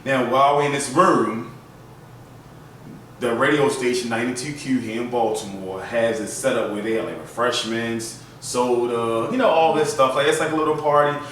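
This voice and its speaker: A man's voice: mid-range voice, normal speed, slight background noise. Chatty man telling a story, echoey room. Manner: animated, loose and chatty, full of "like". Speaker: storytelling vlog host. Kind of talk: casual storytelling. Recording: very echoey room, mic at a distance.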